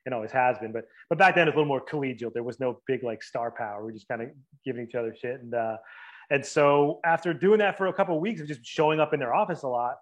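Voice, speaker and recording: A man in his forties talks quickly and loosely as an interview guest, his sentences running on with fillers and restarts. His voice sits at an ordinary middle pitch, and he moves briskly from one thought to the next. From Boston area and New Jersey. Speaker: guest, writer. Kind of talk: casual interview chat.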